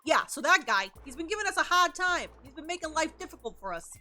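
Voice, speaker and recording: A man's voice: very high-pitched, sing-song, fast talker, sharp tone, pitched above the performer's own voice, heavily acted. A woman voicing a shady male mob boss who hires a hitman, talking in a tough, conspiratorial way. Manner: conspiratorial, tough-guy talk.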